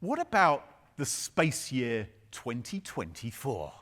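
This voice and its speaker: Lively man telling a comic keynote. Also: medium pitch, slow. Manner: playful, theatrical storytelling with asides. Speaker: keynote speaker. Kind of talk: humorous conference keynote. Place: conference stage before an audience.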